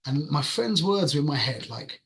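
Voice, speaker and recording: A man with a London accent giving a religious talk, telling a story to his audience in an animated, conversational way that swings between loud and hushed. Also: on the high side, normal speed. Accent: London English. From London, England. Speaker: religious teacher.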